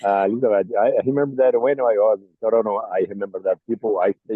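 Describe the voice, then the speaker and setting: A man telling a short anecdote in an animated way during a casual chat. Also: fairly low pitch, fast, hardly any pauses, breathy edge, no room sound. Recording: tinny phone-like line.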